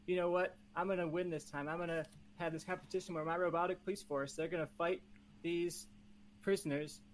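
A man's voice: on the high side, fairly even intonation, brisk, close to an everyday voice. A man voicing a boastful prison warden who keeps losing, with eager, announcing delivery. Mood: determined.

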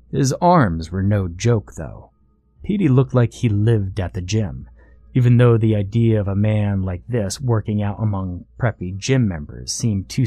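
A man narrating a scary story in a steady, matter-of-fact reading. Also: on the low side, dry recording. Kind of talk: scripted narration.

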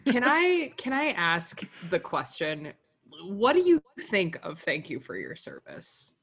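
Husky-voiced woman with a lively voice. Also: on the low side, slow pace.

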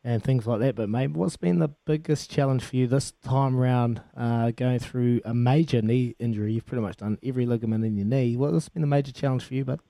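A man's voice: mid-range voice, brisk, creaky, hardly any pauses, dark tone, no room sound. A man with a New Zealand accent co-hosting a radio show, joking and calling everyone mate. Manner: matey, joking, calls people mate. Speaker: radio co-host. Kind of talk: casual radio banter.

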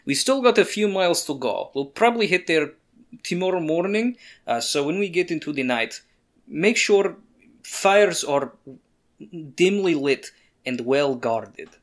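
Easygoing superstitious male guide, put on by the game master, middle pitch, lots of movement in the voice. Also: expressive, a little slow, natural voice. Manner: easygoing, jokey. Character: superstitious male caravan guide, friendly and joking.

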